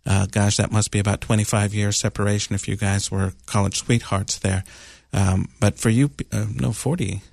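Man, radio advice host, gravelly, lowish voice, calm rambling explanations, dry studio mic. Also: moderate pace, few pauses, no room sound.

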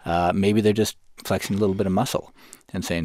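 A man's voice: low-pitched, fairly even intonation, a little fast, darkish tone, dry recording, clean studio sound. A man, a newspaper reporter, explaining events in a radio interview and often correcting himself mid-sentence. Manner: explanatory, with frequent self-corrections.

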